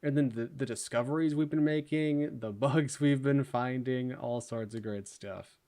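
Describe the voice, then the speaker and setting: A man's voice: medium pitch, moderate pace. Young man streaming, laid-back and chatty. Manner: relaxed, chatty, laughs often, thinks aloud. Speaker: livestream host. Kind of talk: casual livestream chat.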